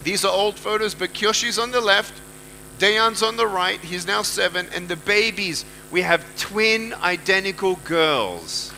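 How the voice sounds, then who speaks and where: A man's voice: high voice, unhurried, vocal fry, sharp tone, a little hiss or hum, low-quality recording. A man with an Australian accent giving an emphatic motivational speech to a live audience, repeating lines for effect. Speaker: motivational speaker.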